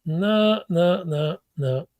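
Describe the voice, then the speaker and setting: A man's voice: sits high, very slow, a little mellow, no room sound. Older man rambling through anecdotes. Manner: rambling, with many restarts and acted-out quotes. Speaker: guest, former football front-office executive. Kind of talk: anecdotal interview storytelling.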